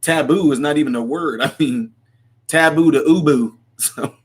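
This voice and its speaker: A livestream host with a slightly high, breathy-edged voice talks at normal speed. He chats casually and reads out viewer comments, answering them in a rambling way and laughing often.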